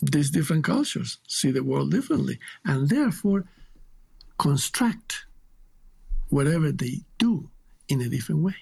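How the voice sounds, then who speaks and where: A man's voice: on the high side, big pitch swings, a little fast, vocal fry, mellow, breathy edge. A man with a Chilean Spanish accent, a guest teacher speaking reflectively and emphatically in an interview, often repeating words for stress.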